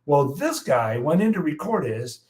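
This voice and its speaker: A man in his sixties from the United States, a guest meteorologist telling animated stories in an interview and acting out the quotes. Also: a little high, moderate pace, poor audio. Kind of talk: storytelling in an interview.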